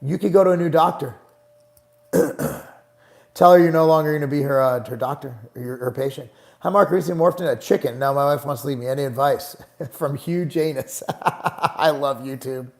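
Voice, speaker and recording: Gravelly, blunt, profane man. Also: on the high side, normal speed. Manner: blunt, profane, gets heated and exasperated. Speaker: host answering live chat questions. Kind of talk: casual live Q&A stream.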